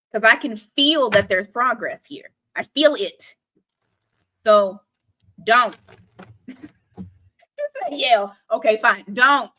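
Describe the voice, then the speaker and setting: A woman's voice: on the high side, sharp tone. Blunt, laughing tarot reader woman. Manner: blunt, swears freely, laughs often, slows to stress advice. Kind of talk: casual tarot reading to camera.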